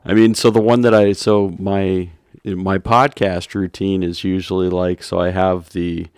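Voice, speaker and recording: A man co-hosting a podcast has a very deep, gravelly voice. He chats casually and answers his partner with quick murmurs of agreement. The sound is dry and close. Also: level tone, a little mellow, dry recording. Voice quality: chatty, backchannels often. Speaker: podcast co-host. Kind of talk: casual chat.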